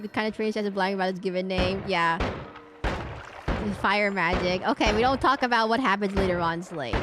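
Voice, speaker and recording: A woman's voice: medium pitch, background noise. A woman VTuber chatting casually with her viewers while playing a game, bursting into indignant replies to chat and humming under her breath. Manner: animated, indignant bursts when reading chat. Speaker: VTuber streamer. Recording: game music behind. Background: game music.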